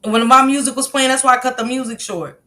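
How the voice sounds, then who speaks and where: A woman's voice: high-pitched, steady tone, fast, pushed and bright. A woman hosting a casual livestream, reading the chat aloud and bluntly scolding commenters. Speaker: livestream host.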